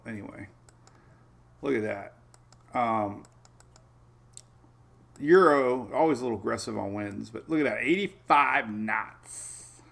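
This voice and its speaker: A man hosting a casual live weather show, chatting in a rambling way with excitable asides while looking over the maps. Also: lowish voice, gravelly, slightly rough.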